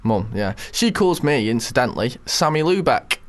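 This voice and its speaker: A man's voice: mid-range voice, very animated, moderate pace. A man in his twenties chatting casually and joking around in self-deprecating banter. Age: 20s. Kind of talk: casual chat.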